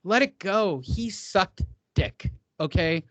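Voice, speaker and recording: Man, podcast host, high voice, sarcastic, swears freely, dry close sound. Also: expressive, fairly bright tone, dry recording. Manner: sarcastic, profane, drawn-out emphasis. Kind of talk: casual podcast chat.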